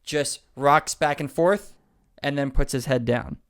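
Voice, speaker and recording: A man co-hosts a podcast and recaps a TV episode in relaxed chat, dropping wry, sarcastic remarks. His voice is smooth and resonant, at a medium pitch. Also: measured pace. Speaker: podcast co-host.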